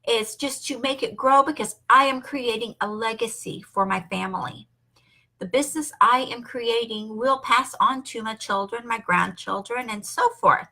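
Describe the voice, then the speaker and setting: A woman's voice: on the high side, sharp tone. An older woman and grandmother, talking in an enthusiastic, emphatic, upbeat way about her online business. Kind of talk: motivational talk to camera.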